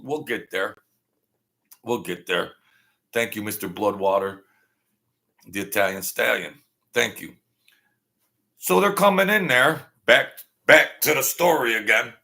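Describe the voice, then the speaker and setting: Gravelly, tense-voiced talk show host. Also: male voice, on the low side, pushed and bright. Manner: rambling, repetitive, thanks viewers by name. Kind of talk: live talk show monologue, storytelling. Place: small home studio setup.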